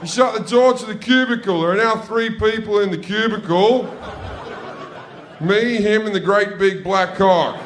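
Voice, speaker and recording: A man's voice: high-pitched, slight background noise. A man with an Australian accent doing profane stand-up comedy on a club stage, telling a brash story to a laughing audience.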